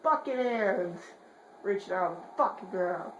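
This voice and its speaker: A woman playing a horror game and talking over it, her pitch jumping all over as she swears in quick repeated bursts. Between scares she mutters jokes under her breath. The room echoes, and there is a faint hiss underneath. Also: expressive. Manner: jokey, mutters quietly between outbursts. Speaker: gamer. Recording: roomy echo, faint hiss.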